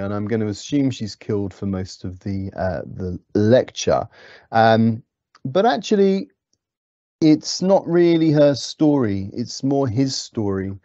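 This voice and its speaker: A man's voice: mid-range voice, mellow, no room sound, highs cut off. A man teaching a poetry lesson, explaining patiently with frequent ums and restarts, in a British accent. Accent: British English. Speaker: English teacher. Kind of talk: lecture.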